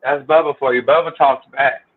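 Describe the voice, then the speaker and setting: A man's voice: mid-range voice, steady tone, normal speed. A man, chatting casually as co-host in a laid-back, colloquial way with short agreeing replies. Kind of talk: casual chat. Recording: tinny phone-like line with faint noise.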